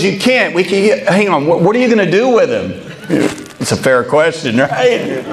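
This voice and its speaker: High-voiced man telling a comic story. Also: a little hiss or hum. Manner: animated, comic storytelling with quoted dialogue. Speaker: baseball pitching coach. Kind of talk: motivational keynote storytelling.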